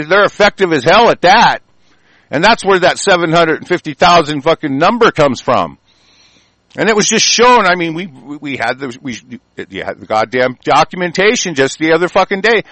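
A man delivering an angry, profane monologue, shouting in bursts. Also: on the high side, no echo. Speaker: political ranter.

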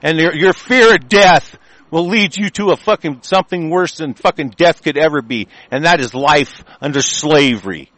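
A man hosting a radio show, delivering an angry, profanity-filled monologue full of halting restarts. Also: on the high side, fairly bright tone, no room sound, low-quality recording. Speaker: radio host.

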